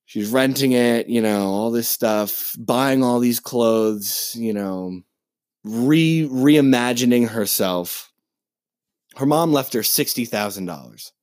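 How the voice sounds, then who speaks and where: A man co-hosting a podcast, ranting in a casual, profane and animated way as he retells a movie plot. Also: mid-range voice, slow, dry recording, clean studio sound. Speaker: podcast co-host. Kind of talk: casual chat.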